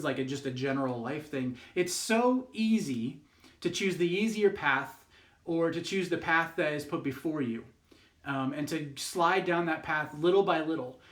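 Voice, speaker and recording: A man's voice: on the high side, lively intonation, moderate pace, fairly bright tone, roomy sound. A man, a youth pastor, telling a fable in a casual, rambling way, with lots of fillers and restarts. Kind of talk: youth group devotional talk.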